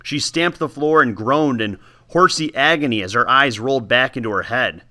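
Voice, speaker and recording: A man reading a novel aloud with lively, expressive storytelling, then talking casually about the book. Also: mid-range voice, normal speed. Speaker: teacher giving book talks.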